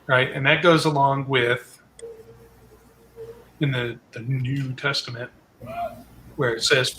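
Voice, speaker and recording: A man's voice: medium pitch, steady tone, slow, pauses often, pushed and bright, slight background noise, rough recording. A man leading a casual group Bible study, explaining scripture conversationally with asides.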